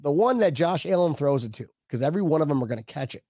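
Casting note: excitable male co-host, voice sits a bit high, dry close mic, jokey casual chat. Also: fast, no room sound. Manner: joking, laughs often, excitable. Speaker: podcast co-host. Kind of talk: casual chat reading viewer comments.

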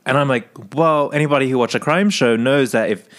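A man from Australia, co-hosting a podcast and telling a story in casual, animated chat with frequent swearing. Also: mid-range voice, fairly quick. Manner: animated, swears, laughs often. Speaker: podcast co-host.

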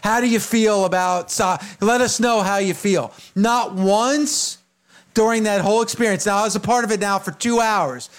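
A man's voice: high voice, normal speed. A man co-hosting a casual talk show, telling an emphatic first-hand story and acting out what others said. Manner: emphatic storyteller, acts out quotes. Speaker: co-host. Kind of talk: casual chat.

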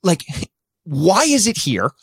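Animated, lively-voiced man chatting. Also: sits high, slightly rough, no room sound, studio quality. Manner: animated, laughing, drawn-out emphasis. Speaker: podcast co-host. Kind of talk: casual chat reacting to a show.

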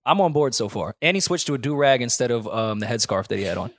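A man's voice: mid-range voice, animated, fast, dry recording, studio quality. A man co-hosting a podcast, chatting casually and dryly while reacting to a music video. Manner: laid-back, wry commentary. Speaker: podcast co-host.

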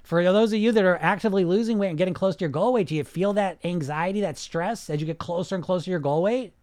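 A man's voice: high-pitched, fast, a little mellow, no room sound, studio quality. Blunt, profane male podcast coach. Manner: blunt, profane, fires rhetorical questions; mocks listeners with put-on whiny voices. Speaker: weight loss coach and podcast host. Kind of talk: casual podcast monologue.

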